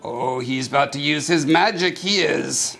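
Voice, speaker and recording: A man voicing a gruff, affable male dwarf in a put-on Scottish accent, hearty and teasing, for a storybook-style reading. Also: a little high, a little slow, fairly bright tone, soft background music, full character voice. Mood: jovial.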